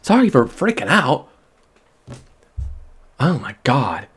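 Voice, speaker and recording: Soft-spoken man rambling at a microphone. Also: medium pitch, slow, breathy edge. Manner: rambling, swings from soft murmurs to excited outbursts. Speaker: vlogger. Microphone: close microphone.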